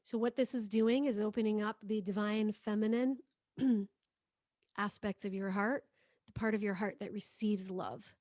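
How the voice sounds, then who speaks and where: A woman as a spiritual healing teacher, leading a guided prayer in a soft, slow voice and repeating phrases for listeners to say after her. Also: medium pitch, fairly even intonation, no echo, clean studio sound.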